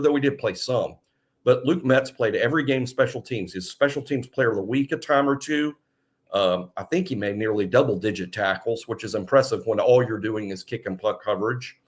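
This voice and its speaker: A man co-hosting a sports podcast, giving measured, thoughtful analysis with frequent fillers. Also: mid-range voice.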